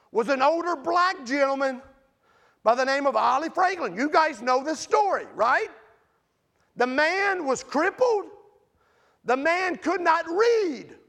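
High-voiced gravelly preacher man. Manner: impassioned, swings between loud and hushed. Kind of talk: sermon.

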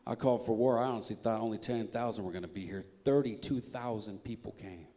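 A man's voice: fairly low pitch, fast, dark tone, lightly acted. A man voicing Gideon in a sermon retelling, sounding amazed and casual, like an ordinary guy caught off guard. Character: Gideon, bewildered ordinary male leader. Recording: echoey hall reverb.

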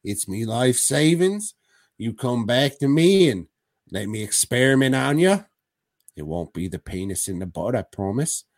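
A man on a podcast doing a quick, pushy voice for a shady male mad-scientist doctor with mock slang. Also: medium pitch, big pitch swings, no echo, studio quality. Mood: wheedling. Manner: mock British-slang patter, fast and loud. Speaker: podcast co-host.

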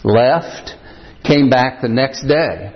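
A male pastor preaching a sermon, telling a story at an unhurried pace with frequent pauses and "uh"s. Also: medium pitch. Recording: dull lo-fi church recording.

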